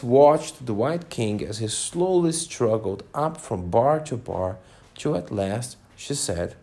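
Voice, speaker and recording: A man's voice: medium pitch, lively intonation, takes it slowly, creaky, warm tone. A man reading a children's story aloud in a casual way, with slips and small asides.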